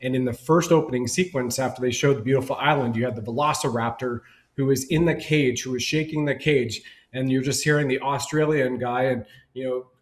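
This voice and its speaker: A man's voice: medium pitch, steady tone, brisk, roomy sound, poor audio. Rambling, emphatic man on a panel. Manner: rambling, emphatic, long run-on sentences. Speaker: panel guest. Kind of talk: casual panel discussion.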